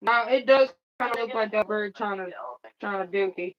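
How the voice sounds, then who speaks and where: A woman's voice: medium pitch, moderate pace. Woman co-host, dry teasing banter, muffled stream sound. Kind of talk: casual livestream chat. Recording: dull lo-fi stream audio.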